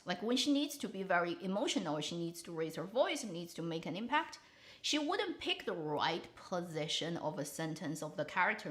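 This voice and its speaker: Blunt, animated woman drama reviewer. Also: on the low side. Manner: opinionated, blunt, animated critique. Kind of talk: casual commentary livestream.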